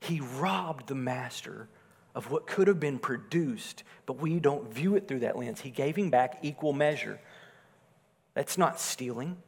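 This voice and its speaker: A man's voice: animated, a little slow, creaky, husky. Man preaching in a reverberant hall. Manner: rises in volume for emphasis, drops low and soft on key phrases. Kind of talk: sermon.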